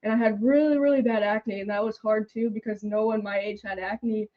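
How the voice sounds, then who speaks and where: A young woman tells her story with earnest, simple phrasing. Her lines often trail off softly. Her voice is mid-pitched, and the recording sounds a little dull. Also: steady tone, fairly quick. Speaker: interview guest. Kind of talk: casual interview storytelling.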